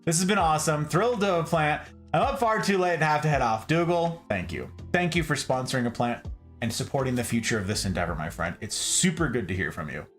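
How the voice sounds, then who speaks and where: A man hosts a late-night stream from home, talking to his chat in a playful, animated way. His pitch swings widely from line to line. Soft music plays faintly behind him. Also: fast. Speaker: livestream host.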